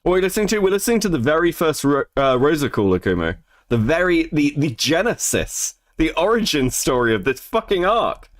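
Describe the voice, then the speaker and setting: A sarcastic man reacting to a clip with profane, mocking asides. His voice is lively and rises and falls a lot, and the sound is close and dry. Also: on the high side, a little fast, few pauses, dry recording. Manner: sarcastic, profane, laughing scorn. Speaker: commentator reacting to a stream.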